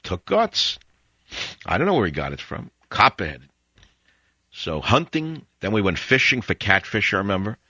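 A man's voice: fairly low pitch, very animated, normal speed, sharp tone, breathy edge, no echo, dull audio. An older man hosting a radio talk show from a studio, rambling and reflective with wry asides.

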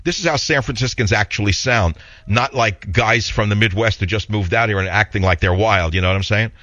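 A man's voice: lowish voice, a little fast, bright, forceful tone, dry recording, lo-fi sound. A man with a heavy New York accent hosting a talk radio show, opinionated and rambling in a blunt monologue.

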